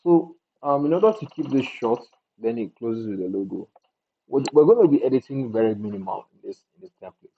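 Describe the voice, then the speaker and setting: This man's voice sits at medium pitch, expressive and gravelly, and he talks fairly quickly. He casually walks through a screen-recorded video editing tutorial, thinking aloud and restarting sentences. The audio is tinny and phone-like, with slight background noise.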